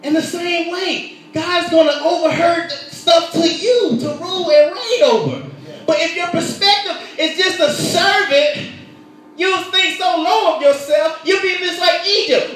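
High-voiced preacher man in an echoey hall. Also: a little slow. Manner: animated, shouting at peaks, acts out voices in stories. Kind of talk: sermon.

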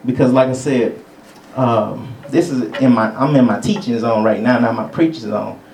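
A man's voice: medium pitch, normal speed, a little mellow, reverberant, far from the mic, low-quality recording. A male preacher giving a conversational teaching sermon. He chuckles between points and calls out for amens. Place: church sanctuary.

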